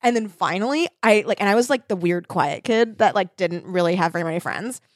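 A woman co-hosting a podcast, telling rambling personal stories with many restarts and sudden shouted punchlines. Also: medium pitch, expressive, brisk, no room sound, clean studio sound. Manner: rambling, self-interrupting, bursts into shouting when telling stories. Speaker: podcast co-host. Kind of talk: casual chat, storytelling.

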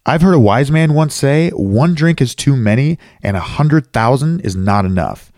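A man's voice: medium pitch, lively intonation, normal speed, darkish tone, no room sound, studio quality. A man in his thirties hosting his own recovery podcast, explaining things earnestly and dropping in self-deprecating asides. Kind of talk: solo podcast monologue.

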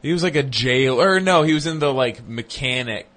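Studio guest: man, deadpan, dry one-liners. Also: mid-range voice. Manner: deadpan, quick jokey asides. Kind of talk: casual radio banter.

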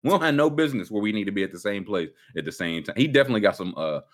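A man with a fairly low voice that swings widely in pitch, chatting on a livestream. His delivery is animated and playful, full of teasing banter. It sounds like relaxed talk between friends. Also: rapid-fire. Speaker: streamer. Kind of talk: casual livestream chat.

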